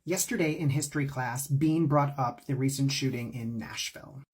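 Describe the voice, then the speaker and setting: A woman's voice: a bass voice, moderate pace, a little mellow, breathy edge. A woman telling stories in a casual vlog, sassy and blunt, swearing freely. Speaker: storyteller.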